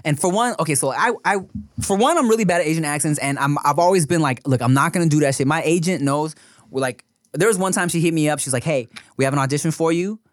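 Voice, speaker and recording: Laughing often and swearing freely, an American man in his thirties co-hosts a podcast in casual conversation. He has a fairly high pitch and a quick pace, captured in a dry recording with clean studio sound.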